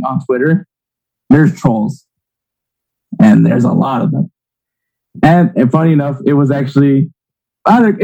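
Man, podcast co-host, casual sports chat, teasing, rambling, warm tone. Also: mid-range voice, dull audio.

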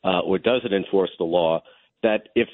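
A man's voice: low voice, no echo. Man arguing a legal point over the phone. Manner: measured, argumentative, frequent restarts. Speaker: legal commentator guest. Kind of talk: radio talk show discussion. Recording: phone line, dry.

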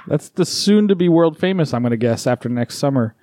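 Male cohost, higher voice, casual, profane banter. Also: expressive, brisk, heavy background noise. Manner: teasing, swearing. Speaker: podcast co-host. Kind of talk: casual chat.

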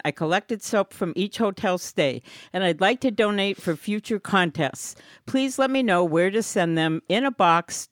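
A woman's voice: medium pitch, no room sound, clean studio sound. A woman on a comedy podcast reading listener letters aloud, amused and giggly.

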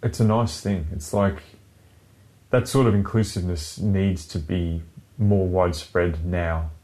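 A man's voice: sits low, steady tone, a little slow, dark tone. A man co-hosting a casual podcast chat, rambling, swearing freely and laughing often. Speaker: podcast co-host.

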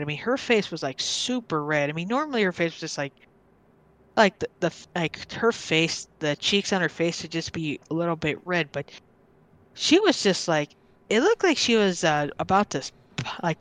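A woman's voice: lowish voice, sing-song, moderate pace, a bit bright. A woman guest on a podcast, casually telling a personal story and often stopping to restart or repeat her words.

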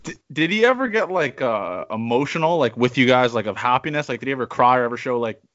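A man hosting a podcast who asks relaxed, rambling questions in a casual interview. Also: medium pitch, fast talker, highs cut off. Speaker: podcast host.

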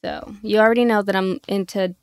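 A chatty woman from Florida who grew up with Spanish as her first language talks casually as a podcast guest. Her pitch sits in the middle. The mic is close and dry. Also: fairly even intonation, brisk, smooth, no room sound. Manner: chatty, laughs easily. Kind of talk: casual chat.

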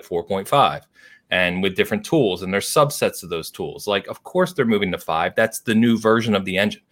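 A man hosting a casual podcast, ranting with animated, stop-start phrasing. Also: lowish voice. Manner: ranting, animated, many restarts. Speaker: podcast host. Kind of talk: casual chat.

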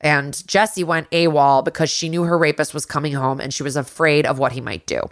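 Chatty, low-voiced woman podcaster. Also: fairly even intonation, a little fast, no echo, clean studio sound. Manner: chatty, profane, laughs easily. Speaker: podcast co-host. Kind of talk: casual TV episode recap.

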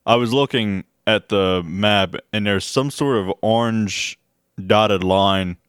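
A man with a low, smooth voice riffs sarcastically on a casual podcast. He swears freely and laughs a lot. The sound is close and dry, with no room echo. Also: slow, fairly bright tone. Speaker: podcast co-host. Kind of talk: casual conversational podcast chat.

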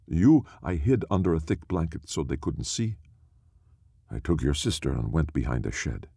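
A man's voice: extremely low pitch, sing-song, moderate pace, gravelly, dark tone, slightly rough, no room sound, clean studio sound, full character voice. A man voicing a harsh-voiced, blunt village woman in a storybook reading. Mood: grim.

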